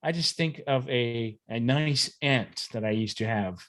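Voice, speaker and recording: A man's voice: medium pitch, a little slow, a bit bright. Chatty, laughing male podcast host. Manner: chatty, rambling, laughs easily. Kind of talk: casual chat.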